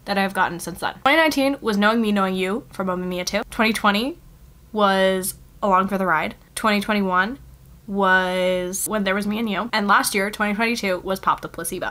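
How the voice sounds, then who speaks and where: A young woman talks casually to her camera about books. She gushes and gets excited easily, swears lightly, and leans on "like" as she goes. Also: medium pitch. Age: young adult. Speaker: book vlogger. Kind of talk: casual vlog chat.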